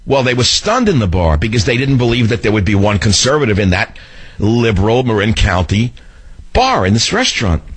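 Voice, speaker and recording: A male talk radio host speaking into a studio microphone, indignant and combative, with mocking asides. His voice is slightly husky and leaps up and down in pitch as he talks. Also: very animated, brisk.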